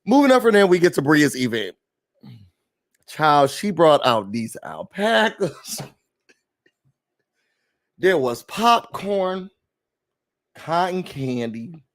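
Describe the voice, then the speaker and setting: A man recapping a reality show in a sassy, animated rant, talking straight to his viewers from a room indoors. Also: a little high, slow, long pauses. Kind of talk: casual rant-style recap.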